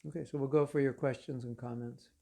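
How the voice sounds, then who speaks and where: A man giving a spiritual lecture to an online class, telling stories in an animated, conversational way with casual fillers. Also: mid-range voice, quick pace, creaky. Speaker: spiritual teacher.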